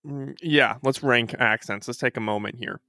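A man's voice: medium pitch, normal speed, bright, forceful tone, no room sound, clean studio sound. A man co-hosting a casual podcast chat, rambling and restarting his sentences while he looks for clips. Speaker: podcast co-host.

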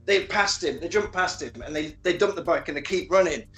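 Animated sweary man, echoey. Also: fairly high pitch, fairly quick. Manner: animated, sweary, acts out characters' lines. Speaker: podcast co-host. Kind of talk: casual chat recapping a film.

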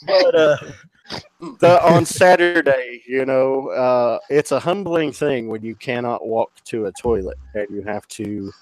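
A man's voice: mid-range voice, a little slow. A man recovering from a leg amputation tells a hospital story in casual, profane chat, acting out the people he quotes. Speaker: podcast host telling a story.

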